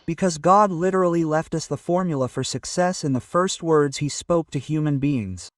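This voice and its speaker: A man's voice: a little high, moderate pace, no echo, clean studio sound, distant mic. A man giving an earnest, casual motivational talk to camera and often checking in with "okay?". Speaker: motivational vlogger. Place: at home early in the morning.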